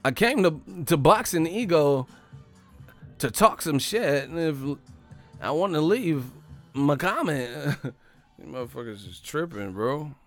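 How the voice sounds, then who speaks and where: A man's voice: fairly high pitch, big pitch swings, slow, fairly bright tone, faint music behind. A man hosting a livestream, ranting in a brash, profane, casual way and laughing often. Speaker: livestream host.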